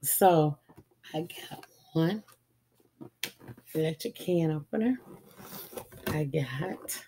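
A woman's voice: low voice, expressive, takes it slowly, pauses often, warm tone. A middle-aged woman, stuffy from a cold, chatting casually and rambling as she shows off her holiday gifts, with frequent ums. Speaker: vlogger. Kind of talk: casual holiday haul chat.

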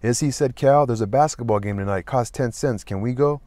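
A man reading a novel aloud in an even, plain manner, lightly voicing the dialogue. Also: medium pitch, fairly quick, dry recording. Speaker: audiobook reader.

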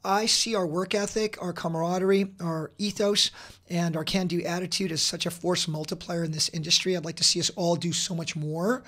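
A middle-aged man talking as a podcast guest, earnest and energetic, with many fillers and restarts. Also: high voice, a little fast. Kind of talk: casual interview talk.

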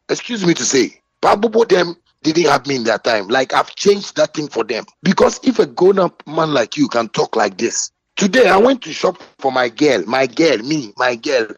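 Husky Ghanaian man, indignant bragging rant. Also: no room sound, low-quality recording. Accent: Ghanaian English. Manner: indignant, bragging, rising pitch when worked up. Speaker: musician answering a critic. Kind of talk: heated boastful rant.

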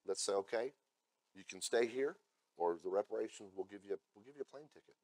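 A male pastor delivering a sermon, moving between loud scripture readings and blunt asides to the congregation. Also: lowish voice, quick pace, dry recording. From America. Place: church.

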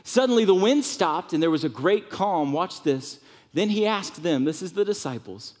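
A man delivers a sermon in a church sanctuary with an animated, shifting delivery. His voice sits on the high side. Long reverb from the hall trails his words. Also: moderate pace. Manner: animated preaching, drops to soft tones for comfort, rises high for emphasis. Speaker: pastor.

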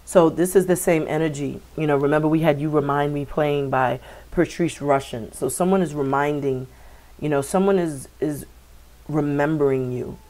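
Low-pitched woman, rambling tarot reader, filler-heavy and repetitive. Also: moderate pace, darkish tone. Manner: meandering, repeats words, many fillers. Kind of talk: spiritual reading for viewers.

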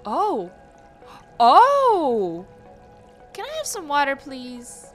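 A woman's voice: fairly high pitch, expressive, measured pace, sharp tone, soft background music. A young woman hosting a gaming channel, reacting to the game as she plays, easily startled, talking to the game and her chat with gasps and exclamations. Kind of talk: casual let's-play commentary.

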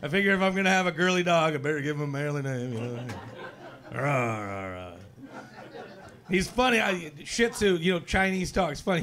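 A male comedian doing a stand-up set, loud and exuberant and working the crowd, recorded live on a club stage mic. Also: a little high.

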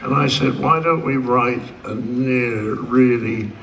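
A man's voice: mid-range voice, takes it slowly, fairly bright tone, slight background noise. An older man speaking as a convention guest, telling a rambling story to a live audience with dry humor and acting out the dialogue. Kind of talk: stage anecdote for a live audience. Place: large convention hall stage. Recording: distant hall pickup with faint crowd ambience.

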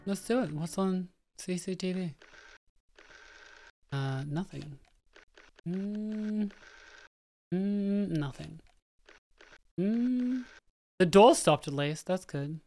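A woman's voice: lowish voice, lively intonation, very slow, pauses often, warm tone. A woman casually talking through a horror game as she plays, thinking aloud and chatting to the characters on screen. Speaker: gaming streamer. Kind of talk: casual let's-play commentary. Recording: faint game music behind.

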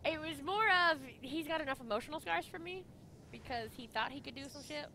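A woman co-hosting a casual podcast swears heavily and talks with her hands while telling blunt, profane stories. Her high-pitched voice sounds pushed and bright and moves a little fast, over slight background noise.

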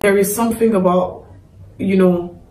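A woman's voice: medium pitch, steady tone, normal speed, heavy background noise. A woman hosting a reaction video, exclaiming and gushing with emotion as she comments in a casual way. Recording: echoey room with loud music from the played clip. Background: loud music from the clip.

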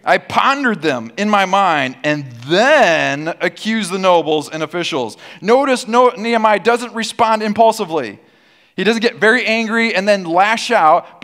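A man's voice: a little high, a bit bright. A man preaching a sermon as pastor, with a sarcastic, humorous storytelling manner and call-and-response with the congregation. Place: church auditorium.

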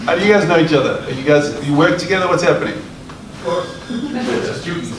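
A man's voice: fairly high pitch, fairly quick, echoey room, distant mic, noisy background. Teasing male comic on a club stage. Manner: loose, teasing banter with the audience. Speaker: comedy club host. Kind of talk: stand-up crowd work.

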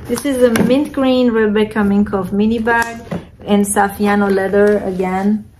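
A woman talks through a handbag unboxing for her vlog at an easy, slow pace, stopping often for fillers as she looks over each bag. Her pitch sits at an ordinary middle, and a faint hiss runs under the voice. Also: steady tone. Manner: unhurried, hesitant, many fillers. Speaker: reseller vlogger.

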